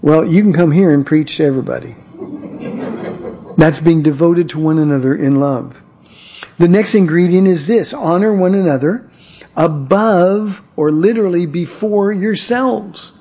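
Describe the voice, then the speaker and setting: A man's voice: a little high, unhurried, mellow. A male pastor preaching an earnest sermon, often repeating and restarting his words.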